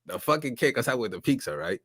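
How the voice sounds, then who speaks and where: A man with a middle pitch tells a story loosely and profanely, jumping into other people's voices as he goes. The sound is dry and close, with almost no room in it. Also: fast talker, vocal fry, no echo. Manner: animated storyteller, heavy swearing, acts out voices. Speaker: podcast co-host. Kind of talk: casual storytelling chat.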